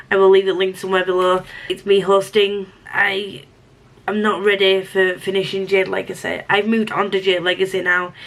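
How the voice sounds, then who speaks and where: A woman's voice: mid-range voice, fairly bright tone. A woman book vlogger chatting casually about her reading, rambling and restarting her sentences. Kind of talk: casual vlog chat.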